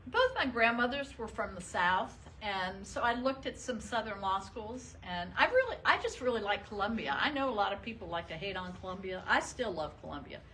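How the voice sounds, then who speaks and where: An older woman from the northern United States speaks to an audience in a bright, clear voice. She is chatty and self-deprecating and laughs easily. A faint background noise runs under her words. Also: mid-range voice, big pitch swings, a little fast, hardly any pauses, poor audio. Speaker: retired state supreme court justice, guest speaker. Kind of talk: talk and audience Q&A.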